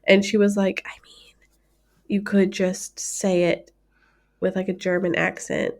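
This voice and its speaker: A woman's voice: medium pitch, little pitch movement, a little slow, darkish tone. A woman in her thirties co-hosting a podcast, talking casually and poking fun at herself. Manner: self-deprecating, chatty. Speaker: podcast co-host. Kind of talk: casual chat.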